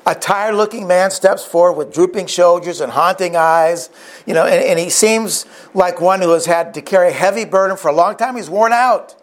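A male preacher with a fairly high voice retells a story vividly in his sermon. He often restarts and throws in asides as he goes. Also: moderate pace.

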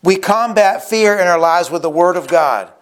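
A man's voice: sits high, animated, moderate pace. A man preaching a sermon in an earnest tone, acting out the quoted speakers as he retells scripture stories. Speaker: pastor.

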